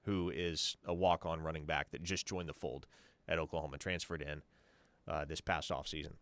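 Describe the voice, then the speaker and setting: A man's voice: rumbling low, level tone, moderate pace, fairly bright tone, no echo. A man hosting a sports talk radio show, confidently answering listener questions as a team insider. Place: radio studio.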